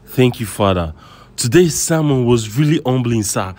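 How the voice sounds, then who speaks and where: An actor with a Nigerian accent playing a sly, excitable young churchgoer in a comedy skit, crying out and pleading in a rush. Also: male voice, medium pitch, close to an everyday voice. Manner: excitable, loud exclamations, rapid pleading. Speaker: comic actor. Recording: music playing behind.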